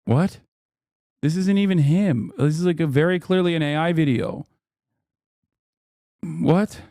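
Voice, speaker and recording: A man's voice: on the high side, a little slow, mellow, dry recording, studio quality. A man hosting a live stream, reacting with sarcastic and profane commentary. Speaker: streamer host.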